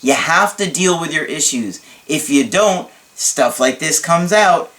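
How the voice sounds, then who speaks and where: Guy coach reading a fan letter out loud, kinda high voice, cracks dumb jokes then gets serious. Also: animated, a little slow. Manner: joking and self-mocking, laughing at his own asides; earnest and explanatory when giving advice. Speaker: relationship coach. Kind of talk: casual video talk reading and answering a viewer's letter.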